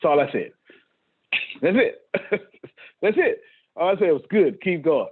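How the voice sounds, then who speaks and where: A man's voice: high-pitched, lively intonation, measured pace, background noise. A man hosting a motivational talk to his staff on a video call, preachy and repeating his points, often laughing. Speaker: host. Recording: tinny phone-like call audio.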